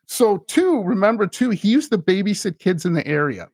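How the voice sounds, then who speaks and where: A man's voice: high voice, big pitch swings, moderate pace, a little mellow, husky, no room sound, clean studio sound. Eager rambling man telling a tale. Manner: eager, rambling storyteller with many restarts. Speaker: podcast host. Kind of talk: casual chat.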